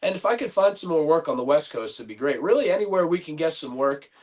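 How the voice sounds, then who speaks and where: A man with a fairly high voice talks as a guest on a podcast. He speaks in easygoing casual chat and fills his pauses with hesitant ums. He agrees readily with the others. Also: lively intonation. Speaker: wrestler guest.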